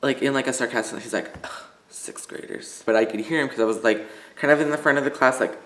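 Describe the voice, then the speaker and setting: A man's voice: medium pitch, racing, a bit bright, echoey room. A teenage boy from Illinois telling stories in a casual vlog, rambling with lots of "like" and fillers. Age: teens. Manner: rambling, filler-heavy, full of "like". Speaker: vlogger.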